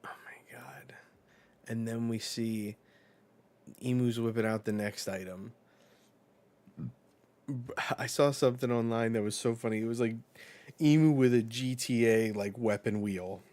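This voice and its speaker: A man's voice: mid-range voice, steady tone, unhurried, long pauses, a little mellow. A man streaming a live reaction while reading a manga chapter, casual and profane, reading the characters' lines aloud.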